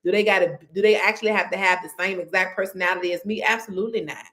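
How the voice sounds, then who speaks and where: A woman hosting a motivational faith podcast, talking in a lively, conversational way and calling listeners y'all and honey. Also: medium pitch, racing. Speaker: podcast host.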